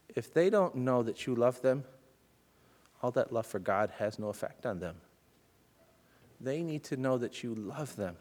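A man preaching a sermon as a personal story, swinging between loud urgent bursts and hushed, soft passages. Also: mid-range voice, normal speed. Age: adult with children. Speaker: pastor.

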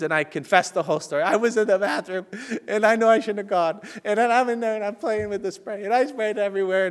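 Brief: male preacher, slightly high voice, animated storyteller who swings from urgent to hushed. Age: adult with children. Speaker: pastor. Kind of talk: storytelling sermon.

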